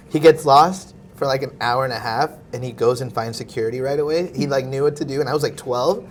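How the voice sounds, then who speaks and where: A man's voice: medium pitch, brisk. Laid-back slangy man in casual chat. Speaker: podcast guest.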